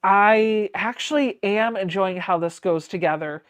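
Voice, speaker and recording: A woman's voice: medium pitch, unhurried, no room sound. A woman hosting a quilting livestream, chatting casually as she reads viewer comments aloud and answers them, laughing often. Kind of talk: casual livestream chat while sewing.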